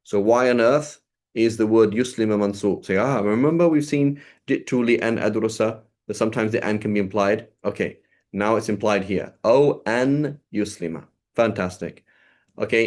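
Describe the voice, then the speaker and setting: A man's voice: on the low side, a little mellow. A man teaching Arabic grammar to a small group over a video call, explaining step by step and checking in with a frequent "right?".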